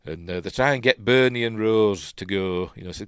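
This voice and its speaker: A man's voice: deep voice, normal speed, hardly any pauses, clean tone, no echo, studio quality. A man with a Yorkshire accent hosting a casual film breakdown, rambling and emotional, full of ums and uhs. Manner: emotional, chatty. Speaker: film review host.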